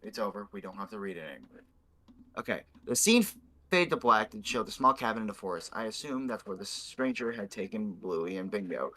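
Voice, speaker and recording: A man's voice: fairly low pitch, lively intonation, a little fast, pushed and bright, rough recording. A young man hosting, reading a fan fiction aloud with stumbling, swearing asides. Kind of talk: casual reading with commentary.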